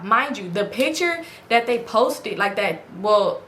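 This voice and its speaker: A woman's voice: medium pitch, a little slow, hardly any pauses, roomy sound, a little hiss or hum. A woman vlogger at home, casually telling a story to her viewers and acting out the quoted lines in a raised voice. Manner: animated, acts out quoted dialogue in raised voice. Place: home at night in front of a ring light.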